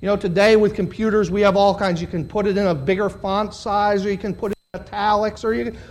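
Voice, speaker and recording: A preacher giving a live sermon to a congregation of about fifty, dropping to quiet, low questions and then rising to loud, shouted emphasis, drawing out key words. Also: steady tone, fast talker. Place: church hall with about fifty listeners.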